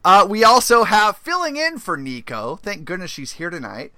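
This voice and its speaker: A man hosting a podcast, theatrical, swinging between shouted intros and quiet murmurs. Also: high voice, wildly swooping pitch, moderate pace, dry recording. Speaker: podcast host. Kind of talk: casual podcast banter.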